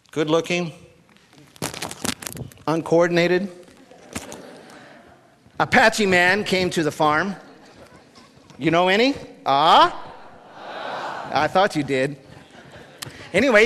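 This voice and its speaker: A man telling a traditional story live on stage, animated and teasing the audience with asides. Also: high-pitched. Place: stage at a cultural gathering. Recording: long hall reverb.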